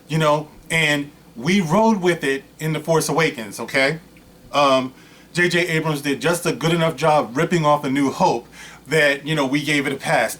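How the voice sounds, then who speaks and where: A man with a fairly high-pitched voice delivers a loose, rambling rant straight to his audience. He talks casually, piling on asides and winding tangents as he builds his point. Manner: animated, rambling, storytelling with many asides. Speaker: vlog host.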